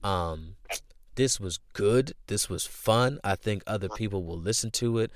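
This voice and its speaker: Man, podcast host, casual slangy talk, lowish voice, dry close mic. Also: measured pace, no echo. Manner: laid-back, slangy, rambling with many restarts. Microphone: podcast microphone.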